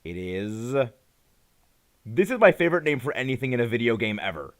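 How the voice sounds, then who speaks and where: A man giving casual live commentary on a game he plays, excitable and full of fillers and laughs. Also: medium pitch, a little fast. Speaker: gaming streamer.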